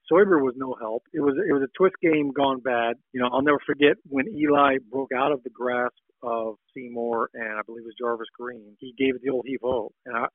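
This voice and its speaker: A man's voice: medium pitch, dry recording. A man, a retired football player, calls in as a guest and tells stories in a rambling, casual way with lots of restarts. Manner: rambling, anecdotal, with frequent restarts. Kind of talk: casual interview storytelling. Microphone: phone call. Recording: tinny phone line.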